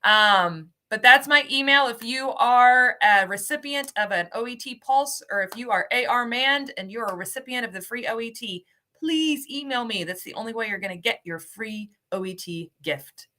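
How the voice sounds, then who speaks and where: A woman's voice: on the high side, normal speed, pushed and bright. A woman hosting a live webinar, upbeat and cheery, calling out giveaway winners and stumbling over their names. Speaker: host, ESL program coordinator.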